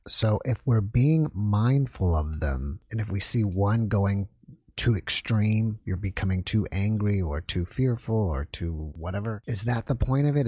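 A man with a low, husky voice hosts the talk and asks his questions slowly and thoughtfully. The recording is dry and close. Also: darkish tone, dry recording. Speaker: host. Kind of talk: interview questions.

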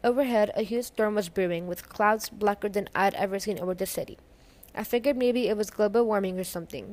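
A woman's voice: medium pitch, fairly quick, a little mellow. Woman reading a novel aloud. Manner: casual first-person storytelling. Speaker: audiobook reader.

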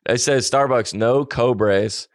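A man's voice: medium pitch, slow pace, no room sound, clean studio sound. A man co-hosting a podcast, ranting animatedly in casual chat and mocking people with put-on quotes. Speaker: podcast co-host.

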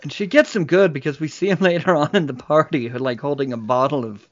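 Man, higher-pitched voice, podcast co-host, retells scenes with frequent laughs, dull lo-fi audio. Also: fairly quick. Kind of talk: casual movie-discussion podcast.

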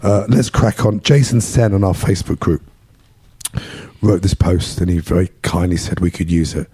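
A man hosting a casual podcast chat, hoarse after losing his voice, with a London English accent, self-deprecating. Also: sits low, steady tone, normal speed, mellow, dry recording. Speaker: podcast host.

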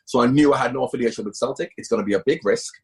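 Very fast and medium in pitch, the voice is that of a middle-aged man who was formerly a football manager. As the guest in a casual interview, he speaks at length, emphatic and repeating himself for emphasis.

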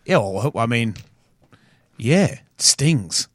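A man's voice: mid-range voice, very animated, slow pace, no echo. Rambling blunt Australian man, dry sound. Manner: rambling storyteller, blunt and profane. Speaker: podcast guest. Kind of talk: casual chat.

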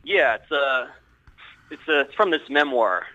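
A man's voice: medium pitch, lively intonation, a little slow, pushed and bright, no echo, dull audio. A man in casual chat, telling a story in a rambling, hesitant way with lots of fillers. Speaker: guest storyteller.

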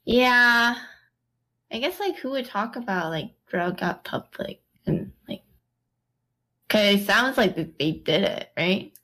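A woman's voice: mid-range voice, expressive, slow, sharp tone. A woman co-hosting a casual podcast, thinking aloud hesitantly during a quiz. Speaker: podcast co-host. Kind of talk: casual chat.

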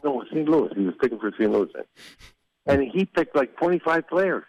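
A man's voice: mid-range voice, animated, a little fast, darkish tone, dry recording. An older man, a former hockey executive, telling stories in a rambling way with restarts and chuckles. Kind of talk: casual storytelling interview. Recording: dull lo-fi dry sound.

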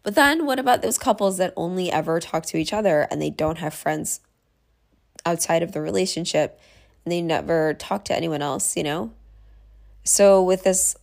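A woman's voice: on the low side, moderate pace, vocal fry, a little mellow. A woman hosting a solo podcast, talking frankly and mocking herself as she thinks things through aloud. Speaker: podcast host. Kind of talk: candid solo podcast monologue.

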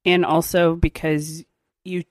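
A young woman with a fairly low voice co-hosts a casual podcast. She teases in a relaxed, easygoing way and echoes short replies back, and the mic sits close and dry. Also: slow. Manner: teasing, laid-back, repeats short replies. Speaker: podcast co-host. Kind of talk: casual chat.

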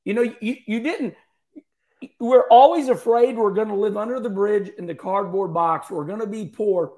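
A man hosting a casual conversation, speaking earnestly and admiringly in quick bursts. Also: high voice, darkish tone. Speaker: host.

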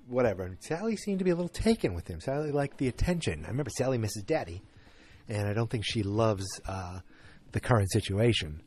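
A man's voice: fairly low pitch, animated, quick pace, darkish tone. A man hosting a podcast, giving a rambling, casual episode recap with lots of fillers and restarts. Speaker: podcast host.

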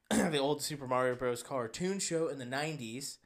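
A man's voice: medium pitch, moderate pace. A man co-hosting a podcast, chatting casually and animatedly, slipping into silly voices. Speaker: podcast co-host. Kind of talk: casual chat.

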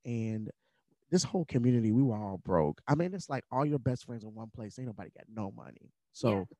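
A man's voice: medium pitch, expressive, fairly quick, mellow, no echo. A man, a podcast guest, telling a personal story in an earnest, candid conversational way, with fillers and moments of emotion.

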